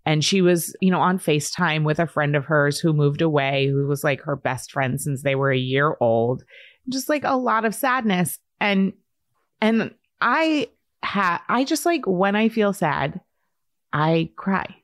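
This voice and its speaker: A woman's voice: low-pitched, lively intonation, measured pace, no room sound, studio quality. A woman in her forties co-hosting a podcast, talking in an earnest, reflective way with many fillers. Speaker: podcast co-host. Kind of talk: casual podcast chat.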